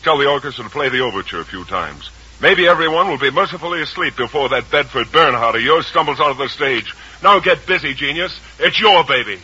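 A man's voice: mid-range voice, animated, a little fast, pushed and bright. An actor playing a short-tempered male theatre producer in old-time radio acting, blustering and exasperated. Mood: commanding. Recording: dull lo-fi old radio recording.

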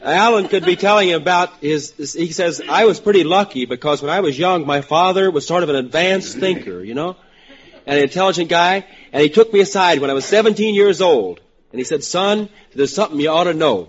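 A man's voice: fairly high pitch, animated, a little fast. West Virginia man, lilting radio joker. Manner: chuckles through his lines, rising-falling lilt. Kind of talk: pitching jokes on a radio panel. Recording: muffled old radio broadcast with studio audience. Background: studio audience laughter.

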